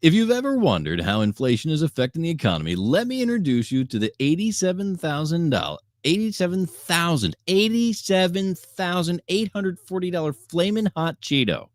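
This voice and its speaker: A man reads a comedic news script in a mock newscaster manner. His pitch leaps widely from phrase to phrase, and the close mic leaves the sound dry. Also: big pitch swings, brisk, hardly any pauses, no echo. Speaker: podcast co-host.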